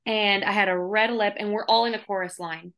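This is a young woman speaking on a casual podcast interview. She tells her stories in an animated, emphatic way, with plenty of energy behind them. Her voice sits in a middle register. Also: medium pitch, brisk. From Minnesota, USA. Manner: animated storyteller, lively and emphatic. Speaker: guest actor.

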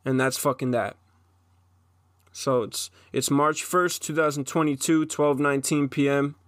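A man's voice: fairly high pitch, steady tone, measured pace, fairly bright tone, dry recording. A man in his twenties gives an intense, profane solo monologue as a podcast host, often restarting his sentences.

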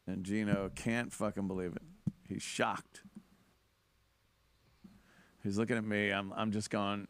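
A man hosting a podcast, telling a story casually and breaking into loud impressions of other people. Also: lowish voice, measured pace, pauses often, dry recording. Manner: animated, mimics people with sudden loud outbursts. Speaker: podcast host.

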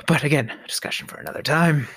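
A man delivering a scripted comedic rant, exasperated and sarcastic, sometimes dropping to a hushed whisper for emphasis. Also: fairly high pitch, fairly quick, husky, dry recording. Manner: exasperated, sarcastic ranting with mock disbelief. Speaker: comedic monologue host.

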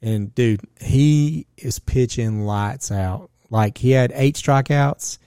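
A man hosting a casual podcast, laid-back and chatty, getting excited about baseball. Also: medium pitch, takes it slowly, clean tone, no echo, studio quality. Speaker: podcast host.

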